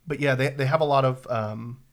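A man with a Bay Area accent, chatting as co-host of a casual podcast. He explains things in a loose, rambling way, full of "uh" and "like". His pitch sits in an ordinary middle range for a man. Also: fairly even intonation, brisk. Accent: San Francisco Bay Area. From San Francisco Bay Area. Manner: rambling, explains with many fillers and restarts. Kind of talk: casual chat.

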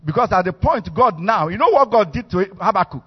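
Animated Nigerian preacher in an echoey hall. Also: male voice, sits high, a little fast, breathy edge. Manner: animated, storytelling, acts out quotes. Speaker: bishop, preacher. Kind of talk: sermon. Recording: echoey hall, muffled sound.

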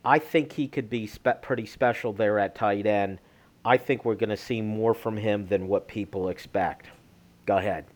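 A man's voice: lowish voice, fairly even intonation, moderate pace. A man hosting a sports talk show, chatting casually and thinking aloud.

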